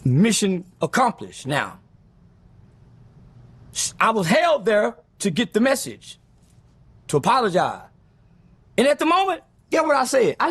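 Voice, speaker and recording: A man's voice: high voice, huge pitch swings, fairly bright tone, husky, no echo. A middle-aged man recounting a story in an interview, blunt and profane, acting out what others said. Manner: blunt, profane, rapid recounting with acted-out quotes. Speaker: interview guest telling a story. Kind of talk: animated storytelling in a sit-down interview.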